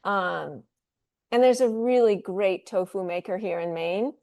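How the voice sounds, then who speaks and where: A woman guest on a talk radio show speaks at an unhurried pace. Her talk is relaxed and chatty, often breaking into laughter. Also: mid-range voice. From United States. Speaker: guest, food company founder. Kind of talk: casual interview talk.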